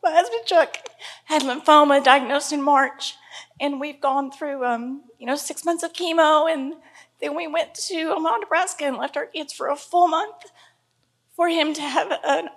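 A woman with a high voice gives her testimony in church. She is crying, and her words come out halting and emotional. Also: a bit bright. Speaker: congregation member giving testimony.

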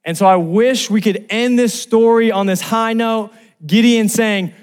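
A man from Los Angeles preaching a sermon, telling a personal story and rising to loud exclamations. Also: high voice, steady tone, a little slow, clean tone. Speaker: pastor.

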